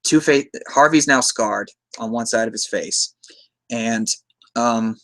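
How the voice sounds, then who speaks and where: Taking his time, a man with a mid-range, slightly bright voice hosts a podcast where he loosely recaps a movie, chuckling often and dropping into quoted lines.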